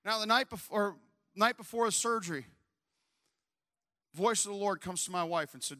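A middle-aged man preaching a sermon, telling a story and building up to shouted, fiery preaching. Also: high-pitched, fairly quick. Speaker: pastor.

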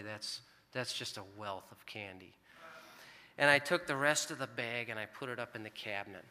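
A man's voice: fairly low pitch, pushed and bright, slight background noise. A middle-aged American man preaching a sermon, telling a family story in an earnest, conversational way. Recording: long hall reverb.

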